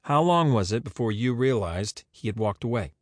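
A man's voice: mid-range voice, lively intonation, moderate pace, no room sound, clean studio sound, natural voice. A man voicing a patient, persistent woman investigator who keeps probing with questions.

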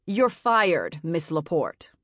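A woman's voice: sits low, big pitch swings, slow pace, fairly bright tone, dry recording, clean studio sound, heavily acted. A woman voicing a domineering female talent manager with a harsh, nasal, authoritative voice, as in a read-aloud novel. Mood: cold, commanding. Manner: curt, authoritative.

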